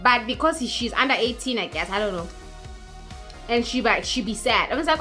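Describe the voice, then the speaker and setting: Woman, movie recap vlog, mocking, bright tone. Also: fairly high pitch, animated, moderate pace, soft background music. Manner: chatty and mocking, acts out characters. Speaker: YouTuber.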